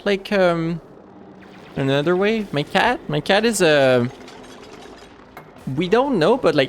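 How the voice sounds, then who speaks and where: A man's voice: fairly high pitch, slight background noise. A man streaming a game live, chatting casually and rambling with many restarts and fillers. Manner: rambling, halting with frequent restarts.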